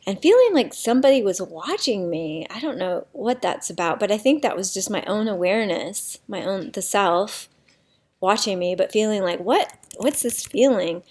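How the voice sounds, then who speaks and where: A woman talking through a personal healing practice in an unhurried, reflective monologue, pausing often with soft fillers. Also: medium pitch.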